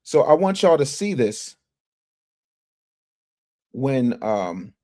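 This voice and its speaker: A man hosting a casual livestream, reading viewer chats and commenting in an animated, emphatic way that repeats phrases and restarts often. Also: mid-range voice, extremely slow. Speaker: livestream news commentary host.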